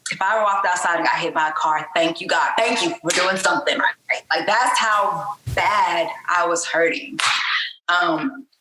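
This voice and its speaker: A woman's voice: lowish voice, bright, forceful tone, reverberant, poor audio. A woman speaking as a podcast guest in a candid personal interview, talking openly and conversationally with frequent fillers.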